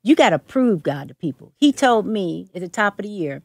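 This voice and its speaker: A woman with a medium-pitched, sing-song, slightly mellow voice talks a little fast with hardly any pauses, recorded at studio quality with no echo. She's from Oakland and Berkeley in the Bay Area yet carries a Southern Atlanta twang. As a prophetess guest in a casual interview, she speaks emphatically and preacherly, repeating her phrases.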